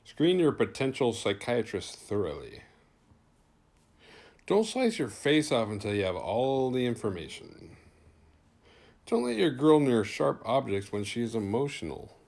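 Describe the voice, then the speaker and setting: A man's voice: mid-range voice, big pitch swings, a little slow, vocal fry, darkish tone. A man casually recapping a horror film for his video channel, swearing freely and acting out the characters' lines in jokey voices. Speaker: horror movie review vlogger. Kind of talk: casual profane movie recap.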